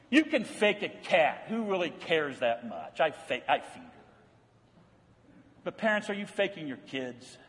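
A male pastor delivers a sermon in a high voice, mixing folksy, homespun stories with earnest, quiet appeals. The sound rings with the long reverb of a large hall. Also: sing-song, unhurried. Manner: storytelling, folksy, dropping low for earnest points.

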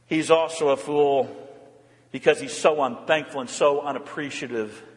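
Exhorting preacher in an echoing church. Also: male voice, on the high side, normal speed. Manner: rhetorical questions, exhorting, rising and falling intensity. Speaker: pastor. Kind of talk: sermon.

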